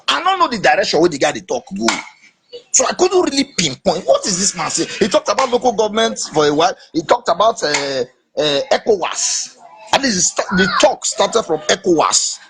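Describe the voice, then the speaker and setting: A man with a Nigerian accent in casual political chat, emphatic and animated, slipping into Pidgin. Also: on the high side, noisy background. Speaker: podcast host.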